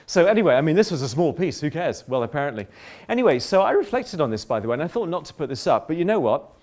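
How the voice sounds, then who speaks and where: A middle-aged man giving a public lecture, polemical and lively, often breaking off into asides and restarts. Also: fairly high pitch, quick pace. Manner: animated, polemical, self-interrupting with asides.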